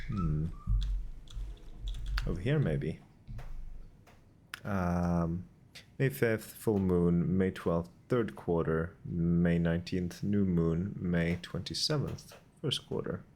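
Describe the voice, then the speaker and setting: Slow, deep-voiced man streaming a game. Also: a little hiss or hum. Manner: muttering, reads notes aloud, thinking out loud. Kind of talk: casual gameplay commentary.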